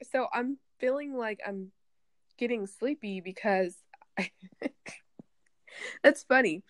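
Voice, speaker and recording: A woman's voice: mid-range voice, dry recording. A woman in casual conversation, rambling and chatty and laughing often. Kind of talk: casual chat.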